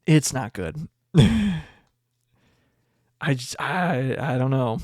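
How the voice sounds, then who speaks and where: A young man hosting a podcast, chatting casually and excitedly as he opens card packs and reads the cards aloud. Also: medium pitch, a little slow, no echo, studio quality. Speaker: podcast host. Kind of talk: casual card pack opening chat.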